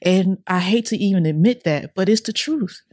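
A woman's voice: mid-range voice, moderate pace, a little mellow, no echo, clean studio sound. A young adult woman as a podcast guest, telling her life story with earnest, repetitive, slang-filled casual talk. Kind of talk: emotional personal storytelling.

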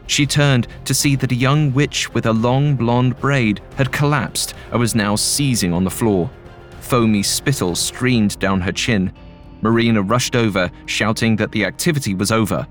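A man narrating a scripted horror story in a measured, even way. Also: medium pitch. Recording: faint music bed.

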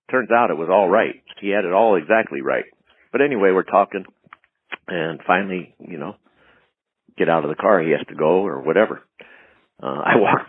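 A man being interviewed as a guest, telling stories in an animated way and acting out quoted lines in a raised voice. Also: sits low, breathy edge, no room sound. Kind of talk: anecdotal storytelling. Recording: tinny phone-line audio.

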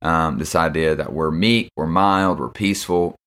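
A man's voice: rumbling low, normal speed, fairly bright tone. A young man hosting a casual devotional podcast, laid-back and slangy, with lots of fillers. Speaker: podcast host.

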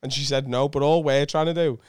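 A man's voice: mid-range voice, fairly even intonation, darkish tone, clear, resonant tone, no room sound, clean studio sound. A young British man, a podcast guest, telling funny stories in casual banter. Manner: storytelling, quick banter with laughs. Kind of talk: casual comedic chat.

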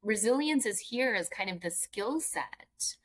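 A woman's voice: mid-range voice, expressive, unhurried. A woman guest author from Philadelphia talking about resilience in casual interview chat, earnest and explaining with frequent "right?" and "like".

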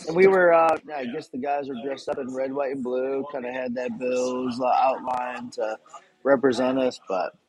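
A man's voice: mid-range voice, fairly even intonation, moderate pace, poor audio. A man who is the guest, a fan club chapter president, chatting in a laid-back, easygoing way. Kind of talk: casual chat.

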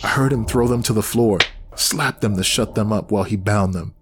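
A man reading a horror story aloud in scripted first-person narration, tense and steady. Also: on the low side, normal speed, noisy background.

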